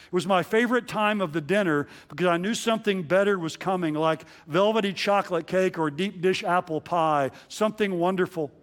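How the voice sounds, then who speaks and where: Earnest higher-voiced male pastor preaching. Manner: earnest, measured preaching with slow emphatic repetitions. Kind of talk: sermon.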